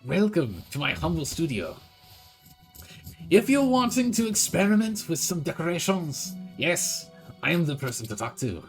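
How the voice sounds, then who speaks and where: A man's voice: on the high side, very animated, normal speed, fairly bright tone, soft background music. A man voicing a genteel male boat painter in a wobbly put-on accent that drifts from French into Scottish. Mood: welcoming. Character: genteel male painter who decorates boats.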